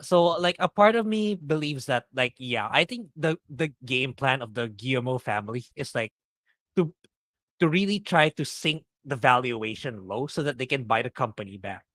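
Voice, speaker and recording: A man's voice: mid-range voice, animated, moderate pace, fairly bright tone, no room sound. A man co-hosting a podcast over a lagging video call, rambling and scoffing with many fillers. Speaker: podcast co-host. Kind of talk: casual chat. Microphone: video call on a lagging connection.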